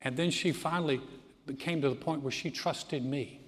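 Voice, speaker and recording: In a church sanctuary, a middle-aged male pastor delivers a sermon at a moderate pace in a fairly high voice. His style is storytelling laced with humor and impersonations of other people, and the sound carries a long hall reverb.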